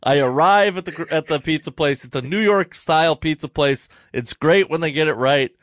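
A man hosting a casual podcast chat, telling a story in an animated, profane way. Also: on the high side, normal speed, dry recording, clean studio sound. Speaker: podcast host.

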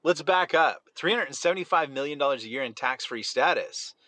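A man's voice: on the high side, expressive, a little fast, pushed and bright, dry recording. A man co-hosting a casual podcast, talking sarcastically and often cutting in. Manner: sarcastic, interrupting, mock voices. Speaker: podcast co-host. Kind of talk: casual conspiracy podcast chat.

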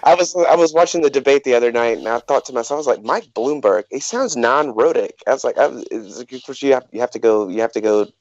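A man's voice: medium pitch, rapid-fire, hardly any pauses, darkish tone, no room sound. A man with a Southern US accent, a co-host in a podcast conversation, rambling with stammered restarts. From Southern United States. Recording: dull lo-fi sound.

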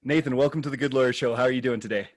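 A man's voice: medium pitch, racing. A Canadian man hosting a legal podcast, reading a scripted intro and then chatting with a guest in a friendly, joking way. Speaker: podcast host.

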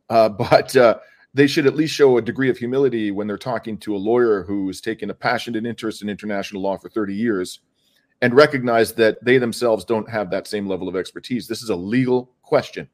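A man who is a lawyer, answering interview questions with a careful, earnest legal argument, stressing key words and using many fillers and restarts. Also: lowish voice.

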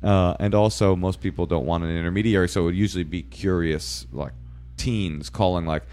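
A man's voice: sits low, a little fast. A man telling stories in a casual chat, acting out the people in them and swearing freely. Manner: animated storyteller, acts out voices and swears.

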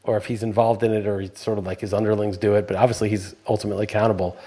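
Husky-voiced man ranting bluntly. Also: on the low side, flat delivery, rapid-fire, mellow. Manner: blunt and profane, building into heated rants. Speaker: podcast co-host. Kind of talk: casual opinion chat.

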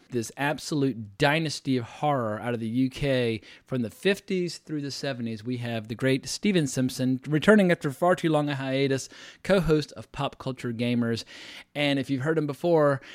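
A man's voice: mid-range voice, moderate pace, dry recording, studio quality. A man hosting a podcast, talking in a chatty, enthusiastic way with loose fillers. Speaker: podcast host. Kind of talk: casual podcast conversation.

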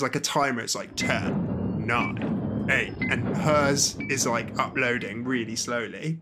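A man's voice: mid-range voice, heavy background noise. A man chatting casually as a podcast co-host, telling a story and acting out characters' lines. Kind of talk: casual chat.

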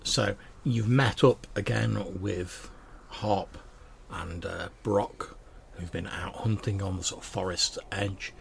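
Guy running a tabletop game, slow and gravelly, lots of "like"s while he describes stuff. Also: sits low, fairly even intonation, slight background noise. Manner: descriptive, with frequent "like" fillers. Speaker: game master.

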